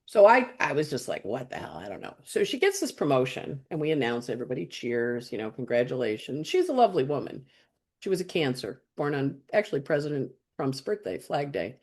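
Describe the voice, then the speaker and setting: A woman astrologer, a guest on the show, telling a personal story in casual, lively talk. She speaks bluntly, swears freely and acts out the dialogue she quotes. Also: low-pitched, fairly quick.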